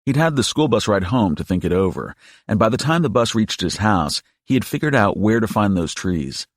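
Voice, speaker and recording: A man narrating an audiobook in a steady, measured storytelling voice. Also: on the low side, no echo, clean studio sound. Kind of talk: scripted narration.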